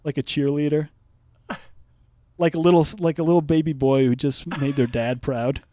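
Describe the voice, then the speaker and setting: A man's voice: fairly high pitch, flat delivery, normal speed, dark tone, no room sound. A man co-hosting a podcast, chatting bluntly and swearing often while he laughs. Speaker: podcast co-host. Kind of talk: casual crude podcast chat.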